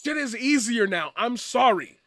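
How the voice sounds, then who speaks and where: A man giving a profane, blunt commentary rant, swinging from loud shouting to quiet earnest talk. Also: extremely high pitch, lively intonation, measured pace, dry recording, studio quality. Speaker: commentary streamer. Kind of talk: ranting commentary.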